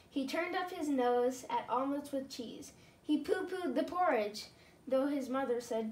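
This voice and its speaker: High-voiced woman reading a picture book slowly. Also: recorded from a distance. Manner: slow, careful reading with small slips. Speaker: storybook reader. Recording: roomy, from away from the mic.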